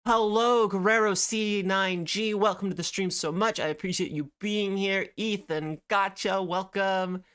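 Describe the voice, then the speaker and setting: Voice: mid-range voice, measured pace, hardly any pauses, a bit bright, clear, resonant tone. A streamer chatting casually to viewers while drawing, greeting them by name, with rambling asides.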